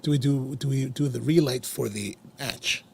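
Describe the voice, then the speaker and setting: A man's voice: mid-range voice, moderate pace, creaky, slight background noise. A man co-hosting a casual chat show over coffee and cigars, telling a rambling story with many restarts. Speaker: podcast co-host.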